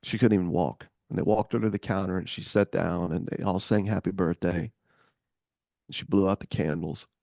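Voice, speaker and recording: A man co-hosting a podcast, telling a story in a casual, animated way. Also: deep voice, moderate pace, vocal fry, dry recording, clean studio sound. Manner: animated, acts out voices. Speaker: podcast co-host.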